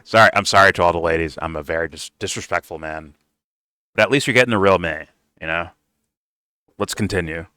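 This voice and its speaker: A man's voice: sits low, brisk, pushed and bright, clear, resonant tone, no echo, studio quality. A young man hosting a reaction commentary, cursing and mocking in a blunt, sarcastic way. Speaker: commentary host reacting to clips.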